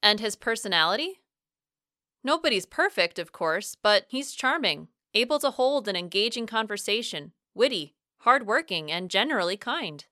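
A young adult woman reading a first-person audiobook, expressive, with lively shifts in pitch and loudness. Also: normal speed, dry recording, studio quality. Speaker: audiobook narrator.

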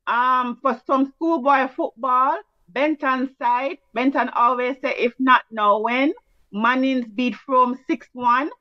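Brisk Jamaican woman, dull dry sound. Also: high-pitched, steady tone, no echo. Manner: brisk, teasing, patois-flavoured. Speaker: sports show co-host. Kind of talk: casual sports chat.

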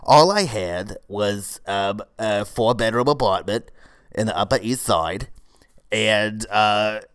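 A brash woman in her forties who runs a struggling cold-yoga studio, voiced by a man without much change to his own voice rambles through a comedy monologue. The voice sits fairly low and is recorded dry, with no room sound. She stumbles over "uh" and "you know" and drops crude remarks in a flat, matter-of-fact way. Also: slow pace, clear, resonant tone, dry recording. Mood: rambling.

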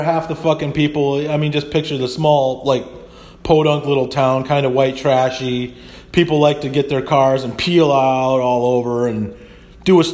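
A man's voice: mid-range voice, darkish tone. A middle-aged man hosting a podcast, delivering a blunt, profanity-laced casual monologue that builds into rants. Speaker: podcast host.

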